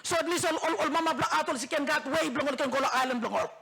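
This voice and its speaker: A woman's voice: high-pitched, racing, creaky, a bit bright. A woman from Bougainville with a Bougainville accent, a member of parliament giving an impassioned debate speech, repeating phrases for emphasis and slipping into Tok Pisin. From Bougainville, Papua New Guinea. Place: parliament chamber.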